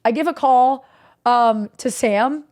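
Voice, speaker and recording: A young woman streamer chatting to her audience with a slightly high voice. She rambles through a story, leaning on "like" at every turn and swearing casually. Her tone stays candid and unguarded. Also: takes it slowly, a little mellow. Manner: rambling, filler-heavy talk with lots of "like".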